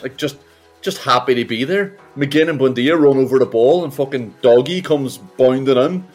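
A man's voice: mid-range voice, moderate pace, darkish tone, soft background music. A man co-hosting a casual football podcast, riffing in a sweary, mocking comic way. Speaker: podcast co-host.

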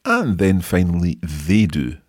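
A man hosting a podcast language lesson, modelling phrases slowly and patiently for a learner. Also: sits low, wildly swooping pitch, a little mellow, dry recording, clean studio sound. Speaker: language teacher and host.

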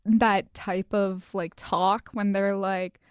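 A woman's voice: medium pitch, little pitch movement, slow, clear, resonant tone, no echo. A young adult woman hosting a podcast in casual chat, giggly and rambling with lots of "like," on a studio mic. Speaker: podcast host.

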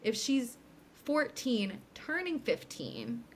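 Speaking slowly in a voice on the high side, a young woman recaps an episode on the podcast she co-hosts. Her retelling is lively and chatty, and she performs the characters' dialogue as she goes.

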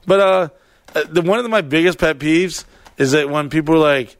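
A man's voice: a little high, normal speed, no room sound, clean studio sound. A young man co-hosting a podcast, talking bluntly and casually with plenty of profanity. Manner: blunt, profane, laid-back. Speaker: podcast co-host and event organizer.

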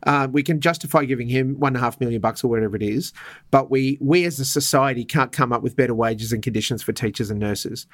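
A man's voice: medium pitch, quick pace, dry recording, clean studio sound. A man co-hosting a podcast, speaking in an earnest, opinionated way. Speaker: podcast co-host. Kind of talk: casual podcast chat.

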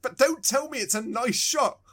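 A man's voice: very high-pitched, normal speed, a bit bright. A man co-hosting a casual chat about a video game, rambling and repeating words as he thinks. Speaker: podcast co-host.

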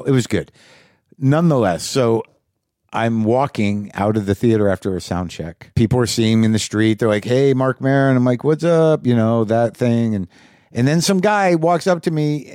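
A man's voice: mid-range voice, darkish tone, dry recording. Middle-aged male podcast host, wry and rambling, restarting his sentences, dead-dry recording. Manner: rambling, self-interrupting, wry. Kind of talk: casual monologue.

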